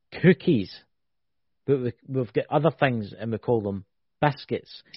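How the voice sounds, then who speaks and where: A man's voice: medium pitch, slightly rough, dry recording. A man with a Scottish accent hosting a casual podcast chat. He banters and teases, drawing words out when he explains. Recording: dull lo-fi sound.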